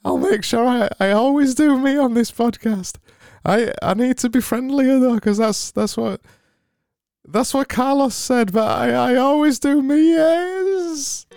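A man putting on a high, sing-song, over-cheery voice of a forced happy man, with faint music behind. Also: slow pace, hardly any pauses, a little mellow, no room sound, studio quality. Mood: gushing.

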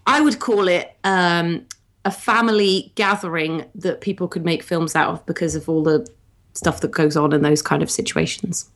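A woman's voice: lowish voice, normal speed. A woman in her thirties co-hosting a podcast in casual chat, chatty and often laughing. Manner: chatty, giggly, animated. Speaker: podcast co-host.

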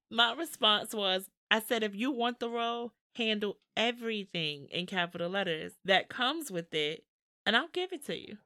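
A woman's voice: medium pitch, animated, moderate pace, sharp tone, dry recording, clean studio sound. A middle-aged woman co-hosting a casual family podcast with her child, teasing and laughing often. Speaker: podcast co-host, mother.

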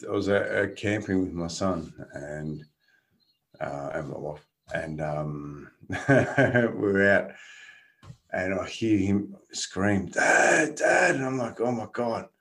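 Man, low voice, guest, casual storytelling, animated, laughing. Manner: animated, laughs through his stories.

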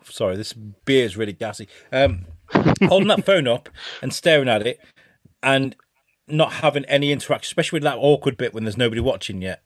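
A man's voice: medium pitch, animated, a little fast, no echo. A man who hosts a podcast and a radio show, chatting casually and rambling a bit with swearing. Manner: rambling, sweary, mimics presenter voices. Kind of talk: casual chat.

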